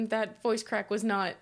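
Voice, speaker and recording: A woman co-hosting a casual podcast, reading out trivia clues and joking and swearing as she goes. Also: a little high.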